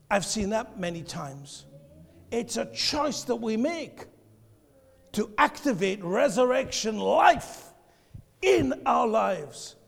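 A man preaching a passionate sermon, shifting between quiet, intimate passages and shouted declarations. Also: sits high, sing-song, slow, creaky, husky. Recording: long hall reverb.

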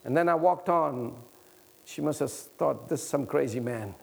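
A man preaching a sermon with passion, swinging from loud, urgent pleading to hushed, low tones, and slowing down to stretch out key words. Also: lively intonation, gravelly, husky.

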